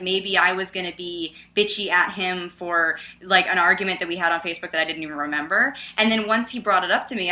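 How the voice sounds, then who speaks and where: Bright, animated woman telling a story. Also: mid-range voice. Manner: animated, loud, many fillers like "like" and "um". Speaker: podcast co-host. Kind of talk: casual storytelling chat.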